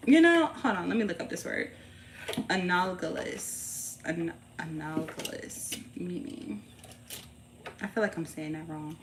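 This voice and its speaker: A woman's voice: lowish voice, moderate pace, creaky, background noise. A woman chatting casually on a tarot livestream, playful and slangy, often laughing and talking to a baby. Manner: playful and loose, teasing a baby between readings; slangy and profane, bursts into laughter. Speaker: tarot reader and streamer.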